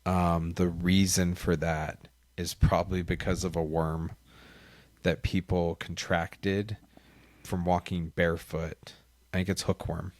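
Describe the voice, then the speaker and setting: A man's voice: sits low, flat delivery, takes it slowly, a little mellow, no room sound. A man co-hosting a podcast, chatting casually and rambling with many restarts. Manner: rambling, thinks aloud with many likes and restarts. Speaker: podcast co-host. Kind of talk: casual chat.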